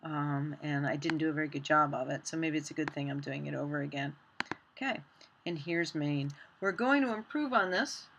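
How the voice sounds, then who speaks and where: A woman teaching a screen-recorded software tutorial, chatty and self-deprecating as she talks while working. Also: low voice, a little hiss or hum.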